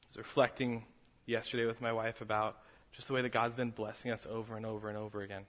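A man preaching a sermon, moving from quiet reflection to a fervent, raised delivery. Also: lowish voice, flat delivery, fast talker. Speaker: pastor.

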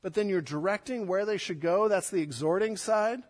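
A man, a pastor, preaching a sermon, swinging between loud emphatic stress and soft, hushed passages. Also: sits high, moderate pace, long reverb tail.

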